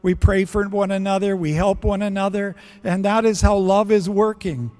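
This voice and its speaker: A man's voice: high-pitched, flat delivery, normal speed, darkish tone, long reverb tail, soft background music. A man preaching a sermon in earnest, acting out prayers and bits of dialogue as he goes. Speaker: pastor.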